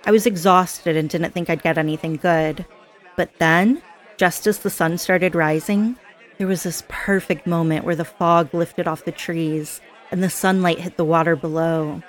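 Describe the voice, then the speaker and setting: A woman's voice: lowish voice, steady tone, moderate pace, some chatter behind, close to an everyday voice. A woman playing a chatty, giggly party girl. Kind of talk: scripted audio role-play.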